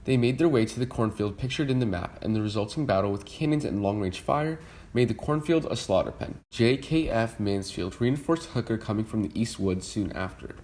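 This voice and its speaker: A young man imitating an upbeat male online history video host, lecturing briskly and cheerily. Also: lowish voice, lively intonation, darkish tone.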